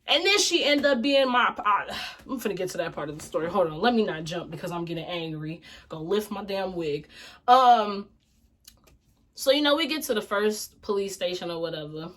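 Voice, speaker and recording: A woman vlogger telling a casual storytime tale in an animated, slangy, expressive way. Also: mid-range voice, moderate pace.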